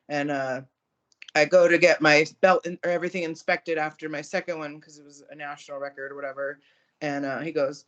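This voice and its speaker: A woman co-hosting a podcast, telling stories in a casual, profane, animated way and acting out the people she quotes. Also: sits low, brisk. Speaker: podcast co-host and powerlifter. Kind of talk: casual storytelling chat.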